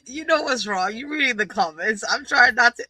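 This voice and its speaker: A woman's voice: on the high side, expressive, normal speed, pushed and bright, no echo, poor audio. A woman co-hosting a wrestling podcast, chatting casually and teasing the others. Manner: playful, teasing. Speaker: podcast co-host. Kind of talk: casual chat.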